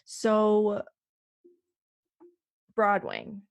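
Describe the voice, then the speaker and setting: A woman hosting a podcast interview, talking in a slow, thoughtful, agreeable way. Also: mid-range voice, huge pitch swings, gravelly, no room sound, clean studio sound. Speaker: podcast host. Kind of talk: casual interview.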